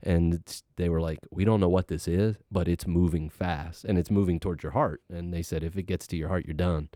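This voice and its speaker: A middle-aged man casually telling a personal story, animated and acting out what people said. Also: deep voice, fairly quick, dry recording, studio quality. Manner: animated, acts out quoted voices, laughs while telling.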